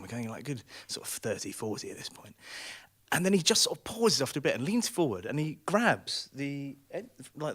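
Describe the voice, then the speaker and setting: A man's voice: on the high side, fairly bright tone. A man telling a comic personal story on a small theatre stage, self-deprecating and laughing through his lines.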